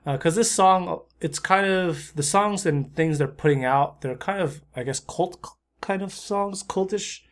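A man's voice: sits high, unhurried. A man co-hosting a casual music review chat, easygoing and hesitant, often searching for words. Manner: easygoing, hesitant, lots of fillers. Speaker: co-host reviewing music videos.

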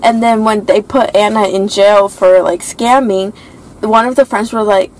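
A woman's voice: mid-range voice, steady tone, measured pace, a little mellow, rough recording. A young woman chatting casually, asking her friend questions. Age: young adult. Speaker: co-host. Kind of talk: casual chat.

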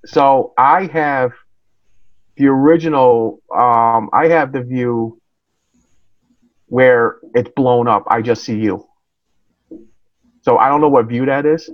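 A man's voice: medium pitch, slow pace, pauses often, no room sound, highs cut off. A man who is a guest on a podcast, chatting casually in a plain, somewhat hesitant way.

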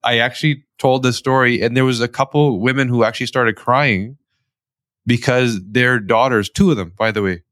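A man from Canada, a guest, telling a family story in lively conversational style with quoted dialogue. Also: mid-range voice, normal speed, dry recording, clean studio sound. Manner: animated, tells stories with quoted dialogue. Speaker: guest, company founder.

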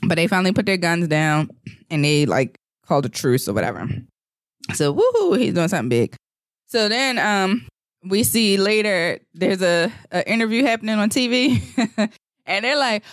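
A podcast co-host recaps a movie in a loose, casual way, jumping into the characters' lines and breaking into laughter again and again. The voice sits at a middle pitch and sounds dry and close to the mic, with no room around it. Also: normal speed, no echo. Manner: animated retelling, acting out lines, laughing often.

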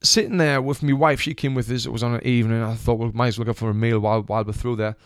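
Here a young man with a Sunderland accent talks fast, his medium-pitched voice smooth and fairly even. A retired boxer from England, he tells an easygoing story full of swearing, playing out each person in it. The audio is studio quality with no echo.

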